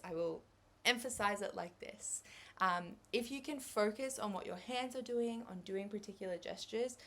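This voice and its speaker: A young Australian woman giving a revision lecture on English exam skills, chatty and upbeat, with light laughs. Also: mid-range voice.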